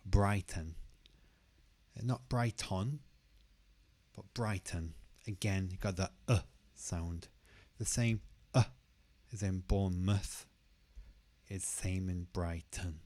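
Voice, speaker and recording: A man teaching English pronunciation, who says each word slowly and carefully and repeats it twice. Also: low voice, steady tone, dark tone. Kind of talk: pronunciation lesson.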